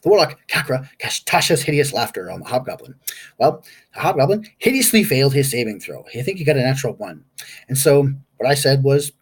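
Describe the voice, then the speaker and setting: Male game master, husky and animated, casual rambling session recap. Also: medium pitch, fast talker. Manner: rambling, stops to recall names aloud.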